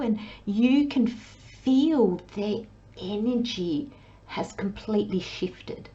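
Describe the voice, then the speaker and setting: A woman giving a channelled tarot reading in a soft, dreamy way, often dropping into a hushed whisper. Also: mid-range voice, takes it slowly, highs cut off. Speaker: tarot reader.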